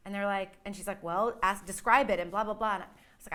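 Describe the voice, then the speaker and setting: A woman's voice: medium pitch, fairly even intonation, quick pace, fairly bright tone. A woman telling her birth story casually, rambling with lots of fillers and restarts, livening up when she quotes others.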